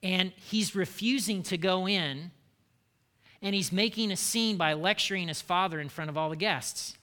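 Male pastor, sermon delivery, high voice, asks the room questions. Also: moderate pace, pushed and bright, big-room sound. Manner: rhetorical questions to the congregation.

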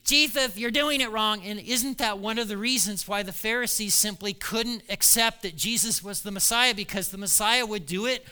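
A man preaching a sermon as pastor, animated, acting out quoted voices and laughing as he goes. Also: sits high, moderate pace, few pauses, clear, resonant tone.

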